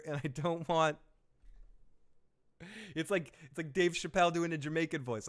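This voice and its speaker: A man's voice: a little high, fairly even intonation, normal speed, a bit bright, smooth. A man hosting a casual live stream, rambling and joking as he reads viewer messages and laughs often. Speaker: live stream host reviewing a TV episode.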